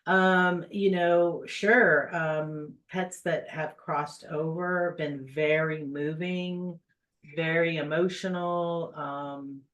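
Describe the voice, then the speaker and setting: An animal communicator guest telling heartfelt stories in a casual podcast chat, with many pauses and fillers. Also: mid-range voice, steady tone, fairly bright tone, muffled recording.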